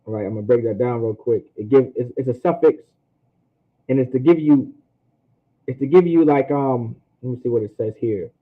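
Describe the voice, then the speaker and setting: A man teaching a language class in a casual way, often repeating himself and sounding out words slowly. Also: mid-range voice, husky. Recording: tinny phone-like line.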